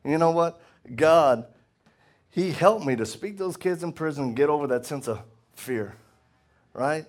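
A middle-aged man preaching a testimony sermon to a live audience, laughing often and swinging from loud outbursts to hushed tones. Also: a little high, lively intonation, a little slow, long pauses.

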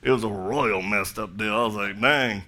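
A man's voice: fairly low pitch, fairly even intonation, normal speed, pushed and bright. A middle-aged male pastor preaching a sermon, telling a story with jokey asides and then building to fervent appeals.

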